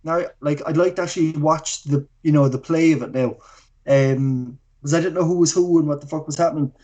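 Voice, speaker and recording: A man's voice: on the high side, brisk, mellow. A man co-hosting a film review podcast over a video call, teasing his co-host and swearing casually. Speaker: podcast co-host, movie guru.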